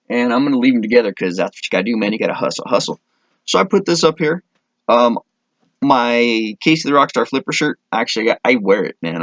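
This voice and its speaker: A man's voice: medium pitch, dry recording, lo-fi sound. A man from Minnesota chatting casually to camera in his vlog, rambling, correcting himself and getting enthusiastic. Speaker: vlogger.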